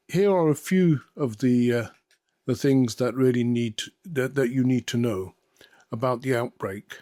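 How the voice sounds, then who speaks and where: A man hosts a satirical commentary show, reading out mock news in a sarcastic, deadpan manner. He trips over his words now and then. His voice sits at an ordinary middle pitch and sounds close and dry, with no room echo. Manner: sarcastic, deadpan delivery with hesitations. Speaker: host.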